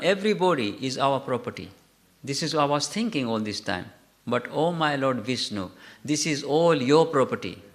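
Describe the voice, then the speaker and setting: A man's voice: fairly high pitch, a bit bright. A man voicing an anxious, devoted mother queen who pleads in prayer and repeats herself.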